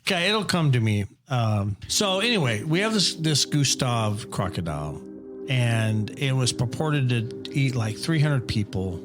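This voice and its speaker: Middle-aged dad, profane, rambling storyteller, mid-pitched, faint music underneath. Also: male voice, very animated, a little slow. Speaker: podcast guest, father. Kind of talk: casual storytelling.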